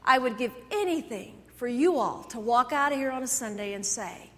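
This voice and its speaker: Woman pastor, high-pitched, animated storyteller; recorded in a reverberant sanctuary. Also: moderate pace, few pauses. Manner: animated storytelling, swings between loud and soft. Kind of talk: sermon. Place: church sanctuary. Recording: echoey church hall.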